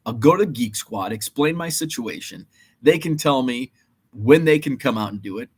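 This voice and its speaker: Husky man telling a rambling vlog story. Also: mid-range voice, normal speed. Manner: rambling, exasperated retelling with many fillers. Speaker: eBay reseller and channel host.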